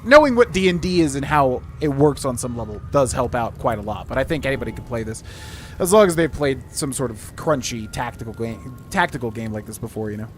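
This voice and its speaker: Soft music plays behind a man whose mid-range voice is animated and brisk. He's doing casual let's-play commentary, streaming a game and musing through a puzzle with many fillers.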